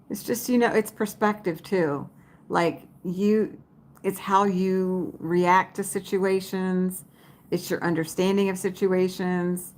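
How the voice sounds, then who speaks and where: A woman's voice: medium pitch, fairly bright tone. A woman chatting casually to her viewers as a vlogger, folksy and talkative, calling them y'all. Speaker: vlogger talking to live viewers. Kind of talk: casual livestream chat.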